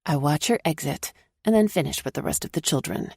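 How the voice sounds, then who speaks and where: Gravelly woman narrating a romance audiobook. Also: low voice, normal speed, darkish tone, dry recording, studio quality. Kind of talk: first-person romance narration.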